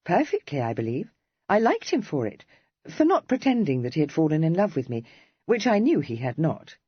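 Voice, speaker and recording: A woman's voice: deep voice, sing-song, slightly rough, dry recording, highs cut off, heavily acted. A narrator voicing Cressy, a witty, playful young woman of the Regency era, read in an audiobook. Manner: playful, teasing, quick-witted. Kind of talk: audiobook character reading.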